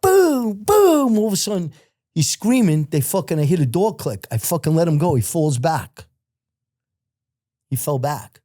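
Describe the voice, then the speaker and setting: Middle-aged male guest, mellow low tone, profane storyteller with a dead, dry sound. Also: moderate pace, pauses often, no echo. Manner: profane, acts out other people's shouted lines; rambling, repeats filler phrases. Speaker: podcast guest. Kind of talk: casual storytelling.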